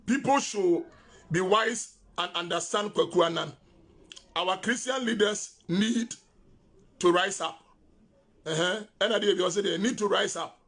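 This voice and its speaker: Male commentator, husky and high-pitched, scolding and insistent. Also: a little slow, long pauses, a bit bright. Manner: insistent, scolding, repeating phrases. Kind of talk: heated commentary, mixing English and Twi.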